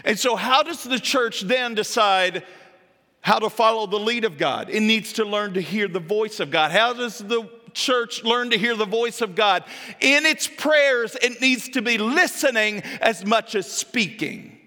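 A male pastor preaching with animated drama, shifting between loud outbursts and near-whispers. His voice sits slightly high and sounds bright and forceful, carried by a long reverb in what seems a church sanctuary. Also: unhurried. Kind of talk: sermon. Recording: echoey hall with long reverb.

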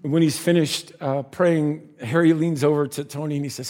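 A man's voice: on the high side, fairly even intonation, normal speed. Conversational male preacher telling a story. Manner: conversational, quietens for tender moments. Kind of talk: sermon storytelling.

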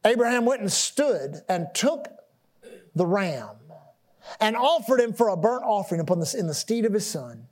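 A man's voice: high-pitched, moderate pace. A man preaching a sermon, asking the congregation questions and repeating words as he builds his points. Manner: animated preaching with call-and-response questions; repeats and restarts words, rising and dropping loudness. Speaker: pastor.

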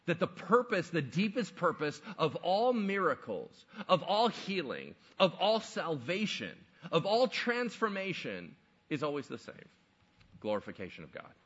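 Husky, animated male preacher. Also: medium pitch, dull audio. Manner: conversational, emphatic preaching. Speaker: pastor. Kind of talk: sermon.

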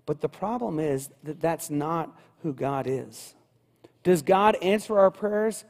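A man's voice: a little high, expressive, takes it slowly. Preaching man in a reverberant hall. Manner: rhythmic preaching with repeated phrases and wide swings in loudness. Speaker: pastor. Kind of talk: sermon. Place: church sanctuary.

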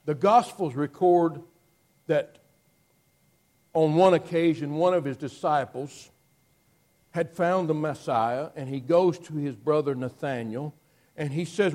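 A man preaching a sermon, telling the story dramatically and moving between hushed passages and loud ones. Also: a little high, measured pace, long pauses.

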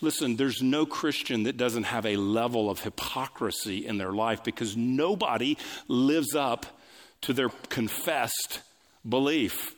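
A male pastor delivering a sermon, building lines through repetition and swinging between raised and hushed delivery. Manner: preaching with sweeping pitch swings, quick asides and repetition. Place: church sanctuary. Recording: long reverb of a large hall.

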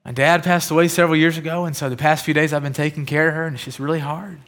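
A pastor with a slightly raised pitch preaches a sermon. He tells everyday stories in a relaxed, chatty way. He leans into his points with emphatic preaching. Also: fast. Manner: conversational storytelling, rising to emphatic preaching.

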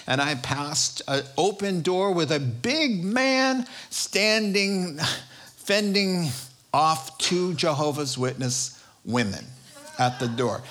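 A pastor preaching a sermon, telling a story with frequent laughter. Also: male voice, fairly high pitch, a bit bright.

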